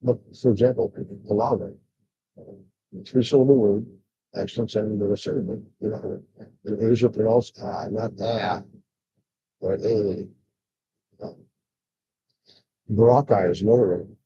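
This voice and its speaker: An older man talks in a rambling, blunt livestream chat, full of "uh"s and restarts. His voice is dark and husky, and the sound is dry and muffled. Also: fairly low pitch, steady tone, moderate pace, pauses often, no echo. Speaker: vlogger. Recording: dull lo-fi sound.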